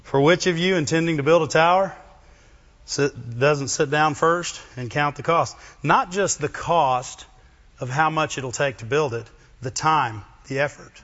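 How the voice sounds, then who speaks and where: A man preaching an animated sermon in a bright, forceful voice, keeps checking in with the crowd with quick questions. Slightly high for a man. The recording is dull and lo-fi. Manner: animated, asks the congregation questions.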